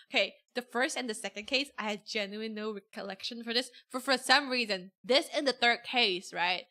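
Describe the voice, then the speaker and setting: Brief: woman game streamer, casual and excitable, swears and shouts at scary scenes, higher pitch. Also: normal speed, few pauses.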